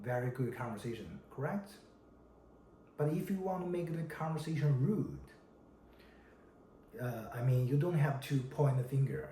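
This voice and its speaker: A man from China, a Mandarin speaker, teaching a language lesson, slow and deliberate, repeating each example word. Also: medium pitch, lively intonation, dark tone. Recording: echoey room with faint background noise.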